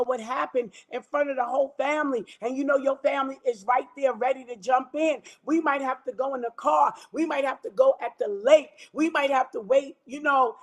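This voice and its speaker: A woman's voice: high-pitched, a bit bright. Exhorting woman pastor with drawl. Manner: exhorting, repetitive, rhythmic declarations. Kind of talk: preaching talk and prayer.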